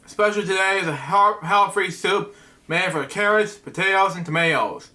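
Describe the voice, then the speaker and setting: A man's voice: high voice, normal speed, bright, forceful tone. A man voicing a flustered male monster waiter from a storybook, reading his lines in a fumbling, apologetic way.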